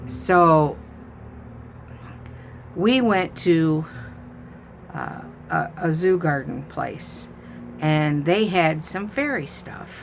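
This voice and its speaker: A woman's voice: low-pitched, lively intonation, very slow, gravelly, pauses often, a little hiss or hum. A grandmother chatting with viewers, telling rambling stories full of fillers. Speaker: grandmother and channel host. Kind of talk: casual storytelling to viewers.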